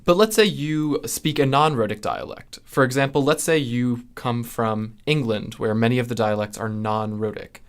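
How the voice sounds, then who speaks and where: A young American man with a General American accent teaches phonetics in a measured voice. His pitch sits in the middle range, and he pauses on fillers and restarts now and then. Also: smooth. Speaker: linguistics video host. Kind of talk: explanatory lesson.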